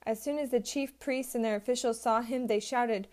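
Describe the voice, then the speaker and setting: A woman giving a steady, measured scripted reading of a Bible passage. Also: a little high. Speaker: scripture reader.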